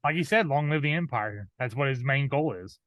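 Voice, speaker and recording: A man's voice: mid-range voice, expressive, a little fast, no room sound, highs cut off. A man co-hosting a podcast in casual chat, mostly giving short agreements and asking curious questions. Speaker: podcast co-host.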